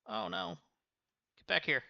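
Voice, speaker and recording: A man's voice: high voice, a little slow, gravelly, no room sound, lo-fi sound. A man livestreaming a game, chatting and thinking aloud as he plays. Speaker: streamer.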